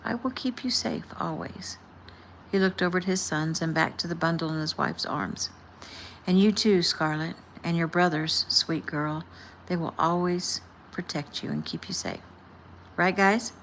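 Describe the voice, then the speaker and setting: A woman, the author, casually reading her own novel aloud and softly voicing the characters' dialogue. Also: on the low side, a little slow, a little hiss or hum.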